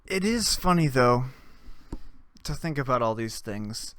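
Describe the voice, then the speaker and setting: A man's voice: medium pitch, lively intonation, measured pace, long pauses, fairly bright tone, no echo, studio quality. A young adult man hosting a podcast. He tells stories in a loose, casual monologue, swears a lot and laughs at his own tales. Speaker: podcast host.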